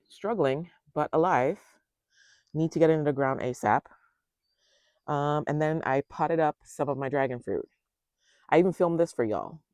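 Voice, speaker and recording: A man with a mid-range, gravelly voice gives a relaxed tour of his backyard garden. He talks straight to his viewers and thinks out loud as he goes. The sound is close and dry, with no room echo. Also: mid-range voice. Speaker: home gardener giving a tour. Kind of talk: casual garden tour vlog.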